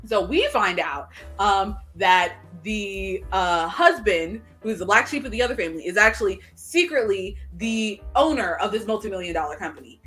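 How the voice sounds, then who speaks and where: A young adult woman in casual chat, retelling a show's plot in an animated way and acting out characters' lines in quick voices. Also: medium pitch, soft background music. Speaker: podcast co-host.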